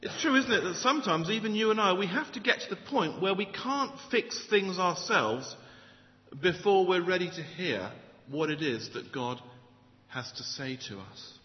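A man's voice: sits high, moderate pace. A man preaching a sermon, opening with a joke and asking the listeners rhetorical questions. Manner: animated storyteller, rhetorical questions. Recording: dull audio in a reverberant hall.

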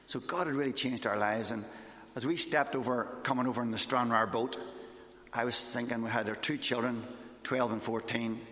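A man from Northern Ireland with a Northern Irish accent, giving a fast, excitable church talk as a missionary speaker. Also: mid-range voice. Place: church hall. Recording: echoey church hall.

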